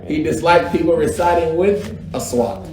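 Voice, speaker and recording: Animated male teacher in an echoey room. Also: a little high, moderate pace. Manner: animated, conversational, slangy, imitates recitation styles. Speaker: religious teacher. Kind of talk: casual classroom lesson. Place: echoey mosque classroom. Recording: echoey room with faint background ambience.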